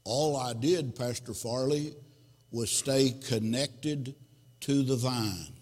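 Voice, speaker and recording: A preacher doing a proud talking cucumber. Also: male voice, medium pitch, takes it slowly, a little mellow, pitched below the performer's own voice. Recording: long hall reverb.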